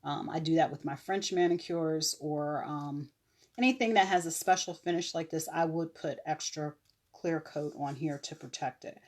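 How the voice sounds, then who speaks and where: A woman casually showing her nail products on a live stream, chatty, with fillers and quick self-corrections. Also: deep voice, darkish tone. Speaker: online nail seller.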